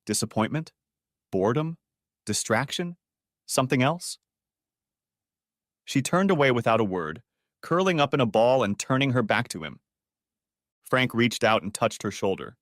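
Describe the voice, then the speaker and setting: A man narrating a story audiobook in a steady, even storytelling manner. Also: medium pitch, normal speed, long pauses, no room sound, clean studio sound.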